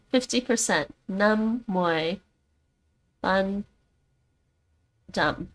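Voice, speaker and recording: A woman whose first language is Dutch chats with her livestream viewers, leisurely and unhurried. She speaks at a mid pitch into a desk microphone from home and often reads text aloud. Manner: chatty, talks to her chat by name, reads aloud. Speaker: streamer learning languages. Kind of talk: casual livestream chat.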